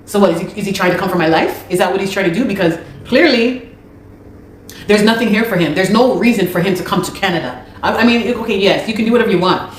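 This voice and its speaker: A woman's voice: medium pitch, quick pace. A woman, a musician, speaking urgently and repetitively to her viewers, pleading for their help. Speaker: musician and video host. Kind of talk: personal appeal to viewers. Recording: echoey room with faint noise.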